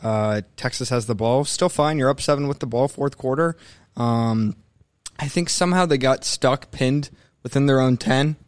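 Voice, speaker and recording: A man's voice: medium pitch, normal speed, clean tone, no echo. Opinionated young man on a dry mic. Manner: animated, opinionated, mimics coaches mid-rant. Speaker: sports podcast co-host. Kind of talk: casual sports talk.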